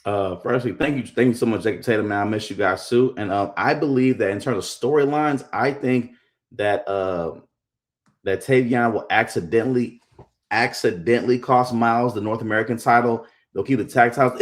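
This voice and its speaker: A man co-hosting a casual wrestling live stream, giving his takes playfully, joking and repeating words when excited. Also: mid-range voice, fairly quick. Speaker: co-host.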